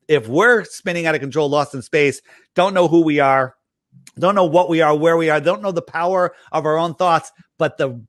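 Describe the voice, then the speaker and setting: A man in a casual interview with a slightly high voice, close and dry with no room sound. He tells rambling stories and acts out what other people said, full of restarts. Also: no echo. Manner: animated storyteller, acts out quoted dialogue. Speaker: interview guest promoting his app.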